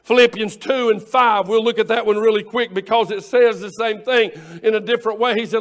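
High-voiced preacher man. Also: fairly even intonation, brisk, few pauses. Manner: quotes scripture in King James wording, repeats phrases. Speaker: pastor. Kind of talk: sermon.

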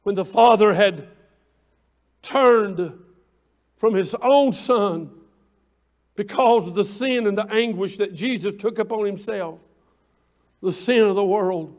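A man preaching a sermon with passion, repeating phrases in cadence and swinging between hushed pleas and shouts, in a church room. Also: sits high, slow pace, pauses often. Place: church room with online viewers.

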